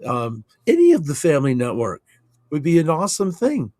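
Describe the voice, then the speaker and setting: A man co-hosting a casual chat show, rambling and halting with many fillers. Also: fairly high pitch, huge pitch swings, mellow, no echo, studio quality. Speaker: co-host.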